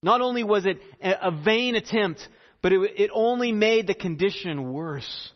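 High-voiced man preaching in a hall. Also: expressive, highs cut off. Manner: earnest preaching with repeated phrases and dramatic pauses. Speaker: pastor. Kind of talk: sermon.

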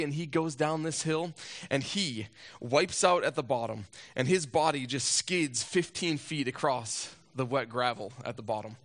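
Earnest man preaching a sermon. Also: a little high. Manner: storytelling with rhetorical questions; earnest, swings between loud and hushed. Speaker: pastor.

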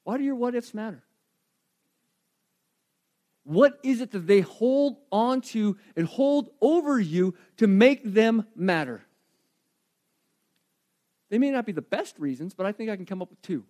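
High-voiced man preaching a sermon. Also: a little slow. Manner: animated, questioning the congregation directly. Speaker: pastor.

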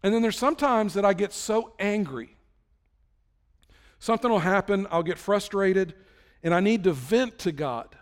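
A man's voice: a little high, long reverb tail. A man preaching a sermon in a conversational way, acting out prayers and imagined talks with God. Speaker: pastor.

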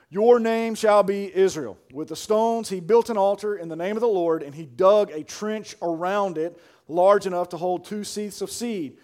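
Animated preacher man, fairly high voice. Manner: animated, swinging from hushed to shouting; colloquial, says "man" and "y'all". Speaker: pastor. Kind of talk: sermon.

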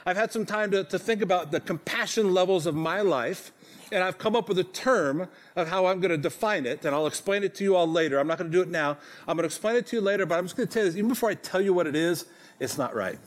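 In a church sanctuary, a pastor in his forties preaches to his congregation, speaking fast in a high voice. His tone is conversational and self-deprecating, and he keeps checking in with "okay?".

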